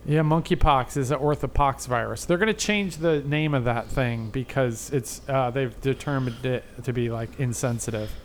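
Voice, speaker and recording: A man's voice: mid-range voice, normal speed, few pauses, slight background noise. A man from the Boston area, co-hosting a podcast in a chatty, rambling way, often stopping himself mid-sentence to explain things. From Boston area, USA. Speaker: podcast co-host. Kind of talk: casual podcast chat.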